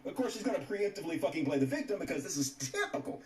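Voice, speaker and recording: A man with a high, lively voice delivers angry, cursing criticism. He sounds distant from the mic, in an echoey room. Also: very fast. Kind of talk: played clip of commentary video.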